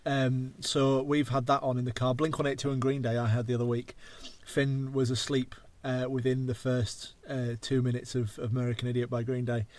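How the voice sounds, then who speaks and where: Man, English accent, thirties, rambling podcast host, swears a lot, middle pitch. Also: little pitch movement, fairly quick, hardly any pauses, a little mellow. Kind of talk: casual chat.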